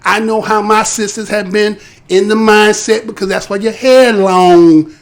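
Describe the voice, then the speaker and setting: American male host, high voice with gravel, chatty rhetorical commentary full of tag questions. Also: steady tone, measured pace. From United States. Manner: conversational, rhetorical, tags points with "right?". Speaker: live show host. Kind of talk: casual commentary.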